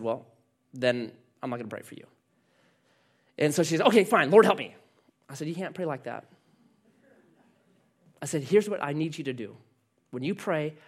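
A man preaching a sermon, telling a story with quoted dialogue in an earnest manner. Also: a little high. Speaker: pastor.

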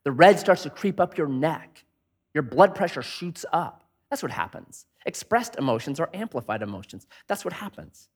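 Animated high-voiced male preacher. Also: normal speed, husky. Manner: conversational preaching with rhetorical questions; acts out angry inner voices. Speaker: pastor. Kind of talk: sermon.

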